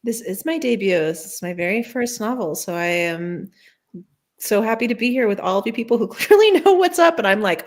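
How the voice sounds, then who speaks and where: A chatty woman author talks through her first novel in a relaxed interview. She pokes fun at herself and leaps up into a squeaky voice whenever she quotes her own nervous thoughts. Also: fairly quick. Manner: chatty, self-deprecating, squeaks into high voices when quoting herself. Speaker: debut novelist guest. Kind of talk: casual interview chat.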